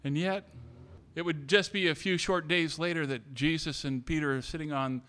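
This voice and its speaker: A male pastor preaching with a high-pitched, bright voice. He moves from hushed, tender moments to loud, emphatic declarations, repeats his phrases and calls out for amens. His tone is clear and resonant. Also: fairly even intonation, moderate pace. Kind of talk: sermon.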